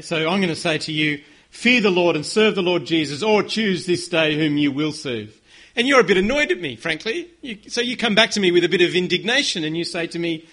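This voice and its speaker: A man delivers a sermon in a high, bright voice. He speaks with earnest conviction and leads his listeners in a call-and-response. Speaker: pastor.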